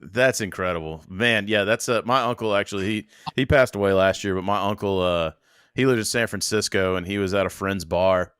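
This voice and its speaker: A man's voice: on the low side, fairly bright tone, smooth, no room sound, clean studio sound. A man hosting a podcast who chats casually and reacts with enthusiasm. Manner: enthusiastic, quick to laugh. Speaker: podcast host. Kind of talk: casual chat.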